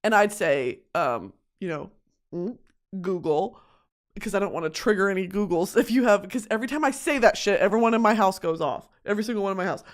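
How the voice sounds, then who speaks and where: Speaking briskly in a medium pitch, a young podcast host chats casually from her home studio. She's expressive and swears a lot, and she ridicules herself by slipping into exaggerated voices.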